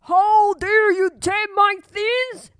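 A woman voicing an angry, shouting male giant in a children's storybook reading. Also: big pitch swings, very slow, dry recording, studio quality, heavily acted. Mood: angry roar. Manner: booming, shouting. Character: angry loud male giant who eats kids.

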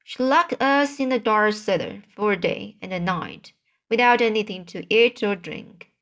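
A woman voicing a young orphan girl who answers plainly and calmly. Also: mid-range voice, a little slow. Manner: matter-of-fact.

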